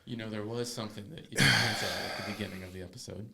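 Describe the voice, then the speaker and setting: A man with a low, gravelly voice and a bright, tense edge talks fast in a casual podcast chat. He chimes in quickly and agrees with his partner as he adds his own take. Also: steady tone.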